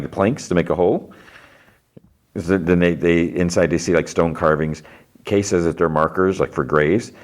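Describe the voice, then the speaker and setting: A low-pitched man talks through an episode recap in a loose, conversational way. He keeps quoting the characters' lines and fills his sentences with casual filler words. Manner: retells scenes quoting characters, many fillers like "like". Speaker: podcast host.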